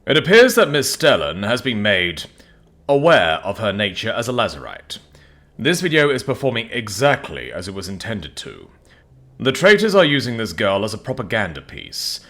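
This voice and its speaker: A man voicing a dutiful noble guard captain giving a formal report in a raised, higher voice. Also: big pitch swings, moderate pace, fairly bright tone. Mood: grave report.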